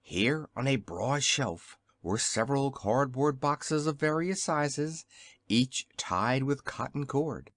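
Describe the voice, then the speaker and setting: A man narrating a classic children's storybook as an audiobook, in an expressive storytelling manner. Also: medium pitch, slow pace, dry recording, studio quality. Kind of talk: scripted narration.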